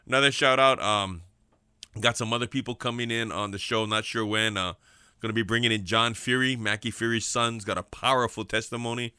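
A man's voice: medium pitch, steady tone, fairly quick, bright, forceful tone, clear, resonant tone, no echo, clean studio sound. A man with a Hawaiian Pidgin accent hosting a prison ministry program, preaching in an emphatic, repetitive, folksy way.

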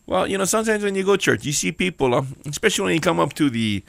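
A man's voice: sits high, animated, rapid-fire, creaky, no room sound. A man with a Hawaiian accent giving a casual, joking sermon as host, chatty and playful. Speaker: church devotional host.

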